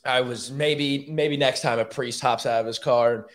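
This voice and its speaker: Profane, animated man telling a story. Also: mid-range voice, moderate pace. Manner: profane, animated, self-mocking. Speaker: podcast host. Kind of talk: casual storytelling.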